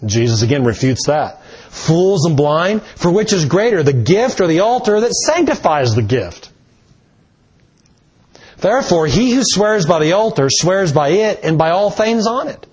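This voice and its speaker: A man preaching a sermon in a slow, deliberate way, stressing key words with rising emphasis. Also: high-pitched, very animated, darkish tone, breathy edge.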